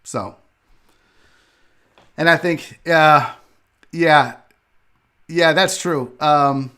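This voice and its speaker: A comedian from Houston, Texas, hosting his own show, telling a casual story in a profane, animated way and acting out what people said. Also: fairly high pitch, very slow, clean tone. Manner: profane, animated ranting with acted-out quotes. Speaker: comedian and podcast host.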